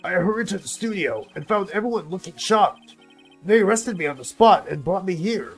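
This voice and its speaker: A man's voice: high-pitched, expressive, normal speed, soft background music, pitched above the performer's own voice. A man with a sore throat voicing an earnest, tired male action-show star explaining himself.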